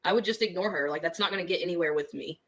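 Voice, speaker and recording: A woman guest casually recounting a past relationship, relaxed and full of likes, laughing at herself. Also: fairly low pitch, rapid-fire. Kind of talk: casual storytelling.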